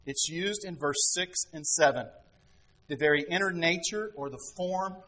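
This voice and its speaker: A man preaching to his congregation in a talky, conversational way, leaning on rhetorical questions. His voice is bright and forceful, sitting a little high for a man. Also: normal speed, poor audio. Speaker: pastor. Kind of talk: sermon.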